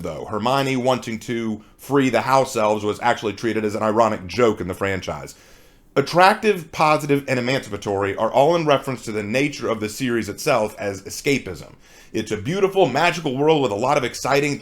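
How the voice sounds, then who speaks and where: A man giving a conversational response commentary, rebutting points and asking rhetorical questions. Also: medium pitch. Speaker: commentary video creator.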